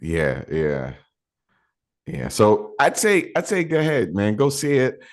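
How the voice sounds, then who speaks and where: A man co-hosting a podcast, chatting casually about movies, animated and swearing freely. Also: lowish voice, slow pace. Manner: animated, swearing, mock New York voices. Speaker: podcast co-host.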